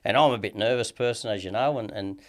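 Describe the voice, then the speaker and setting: A man's voice: lowish voice, fast talker. An Australian man telling a long story in casual chat as a podcast guest, swearing heavily and rambling with lots of "you know what I mean".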